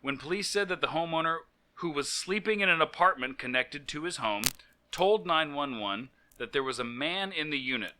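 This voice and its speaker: A man's voice: a little high, lively intonation, normal speed, bright, forceful tone. A man co-hosting a comedy podcast, reading out strange news stories and joking about them. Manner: reads news stories aloud, breaks into jokey voices and laughter. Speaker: podcast co-host. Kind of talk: casual comedic chat.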